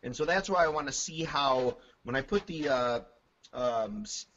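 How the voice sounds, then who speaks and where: A man guest on a drum talk stream, telling stories with lots of laughter and halting restarts. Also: mid-range voice, dull audio. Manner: animated storyteller, laughs often, halting restarts. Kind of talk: casual chat.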